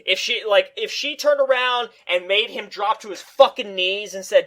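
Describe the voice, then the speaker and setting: A man co-hosting a casual movie review chat, ranting in a profane, animated way. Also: sits high, moderate pace, hardly any pauses.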